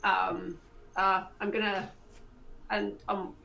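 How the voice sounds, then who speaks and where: A woman's voice: mid-range voice, flat delivery, slow, creaky, sharp tone, slight background noise, low-quality recording. A woman playing a tabletop game, hesitantly describing her character's actions with many fillers. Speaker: player. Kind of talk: casual tabletop game play.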